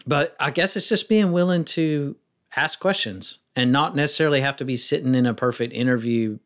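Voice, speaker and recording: A man talks loosely on a podcast, his voice sitting at an ordinary middle pitch. He rambles a little and jumps into brighter, livelier tones when he acts out the questions he asks people. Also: a little fast. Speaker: wedding filmmaker guest. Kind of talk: casual podcast interview.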